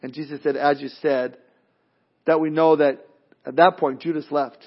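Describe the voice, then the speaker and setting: A man preaching a sermon as a pastor, animated, acting out voices and often repeating words as he starts a thought. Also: fairly high pitch, brisk. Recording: dull lo-fi sound.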